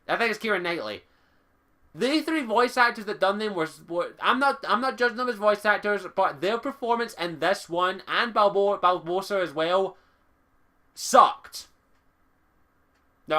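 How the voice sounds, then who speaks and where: A man's voice: sits high, bright, forceful tone. A young Scottish man giving an exasperated, sweary game review, repeating his complaints. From Scotland.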